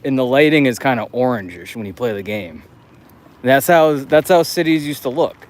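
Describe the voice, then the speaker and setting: A man's voice: mid-range voice, expressive, fairly quick. A man chatting loosely while he walks city streets at night on a live stream, rambling, laughing and swearing often. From United States. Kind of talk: casual walking livestream chat.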